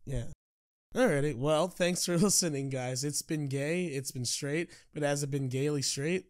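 A man's voice: on the high side, normal speed. Young man hosting a chat podcast, joking. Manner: joking, laughs often. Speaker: podcast host. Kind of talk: casual chat.

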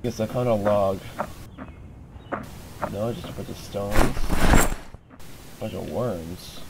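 A low, gravelly man's voice, flat and sleepy because he has just woken up, rambling through his game as he plays. The recording carries a steady layer of noise underneath. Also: slow pace. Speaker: streamer. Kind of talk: casual gameplay commentary.

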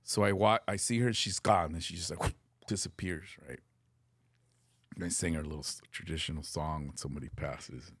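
Deep gravelly man telling a story. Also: normal speed, no room sound, clean studio sound. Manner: earnest storyteller, mixes Spanish phrases, swears casually. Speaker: podcast guest. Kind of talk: storytelling in casual chat.

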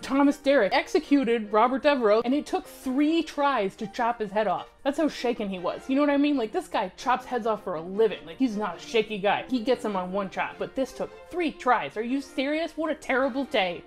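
A woman telling a comic history story in an animated, slangy, exaggerated way. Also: fairly high pitch, fairly quick, hardly any pauses, soft background music.

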